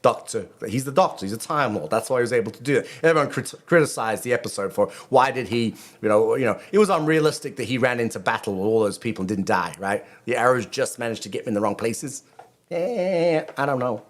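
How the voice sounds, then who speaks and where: A middle-aged man talks casually on his own channel, a rabbi chatting at a mid pitch. He rambles, restarts his sentences and drifts into friendly asides. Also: fast talker, few pauses. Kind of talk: casual video commentary.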